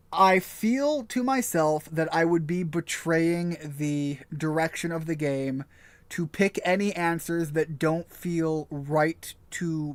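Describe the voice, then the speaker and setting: A man live-streaming a game, talking it over in a casual, thoughtful, halting way. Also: a little high, dry recording. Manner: thoughtful, halting, searching for words. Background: game music.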